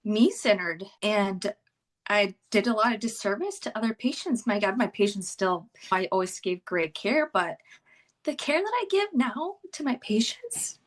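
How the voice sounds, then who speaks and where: A woman's voice: medium pitch, big pitch swings, normal speed. Woman guest, ICU nurse, heartfelt, emotional, stop-and-start conversation. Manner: heartfelt and emotional, rambling restarts. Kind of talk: conversational podcast interview.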